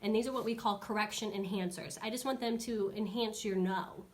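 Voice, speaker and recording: A woman in her thirties talks as a dog trainer on a casual live stream. She is chatty and animated, and her voice sits at an ordinary middle pitch. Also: brisk. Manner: chatty, animated, acts out dogs and kids in high squeaky voices.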